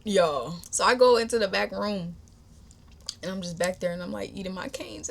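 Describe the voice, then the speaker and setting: A young woman hosting a podcast, telling a personal story in a chatty, animated, slangy way and talking straight to her listeners. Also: mid-range voice, moderate pace, creaky, a little hiss or hum. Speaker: podcast host. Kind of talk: casual storytime.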